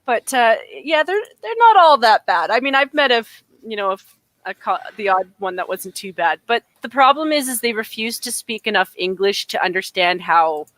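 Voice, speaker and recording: A woman's voice: fairly high pitch, animated, normal speed, fairly bright tone, dry recording. A woman from northern Alberta with a Canadian accent, co-hosting a casual podcast chat, rambling and often laughing mid-sentence.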